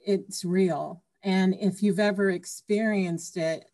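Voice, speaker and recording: A woman's voice: mid-range voice, fairly even intonation, slow, dark tone. A woman author being interviewed on a podcast, chatty and emotional, retelling stories. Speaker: author guest.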